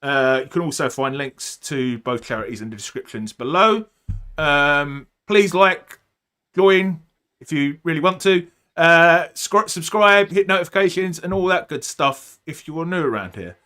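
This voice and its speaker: A man's voice: fairly high pitch, expressive, measured pace, sharp tone, clear, resonant tone. A man hosting a casual live podcast chat, joking and rambling, with lots of ums and uhs. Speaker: podcast host.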